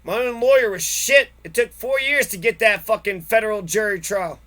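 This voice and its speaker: A man's voice: high voice, normal speed, bright, forceful tone. A man angrily telling his own story in a long, profane, repetitive monologue. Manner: angry, profane, repetitive ranting. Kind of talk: angry personal monologue.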